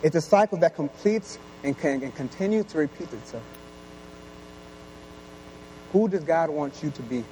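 A man's voice: a little high, expressive, fairly quick, mellow, a little hiss or hum, poor audio. A young man giving an earnest sermon, full of rhetorical questions.

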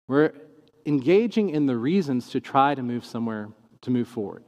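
A man's voice: mid-range voice, normal speed. A man teaching in a casual talk, acting out the questions he quotes. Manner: animated, acts out quoted questions in shifting tones. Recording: long reverb in a large room.

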